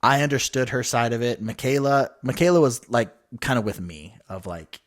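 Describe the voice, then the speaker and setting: With a mid-range voice and moderate pace, a man in his thirties co-hosts a podcast and tells a story in casual chat. He's animated, quoting the people involved and putting on their voices.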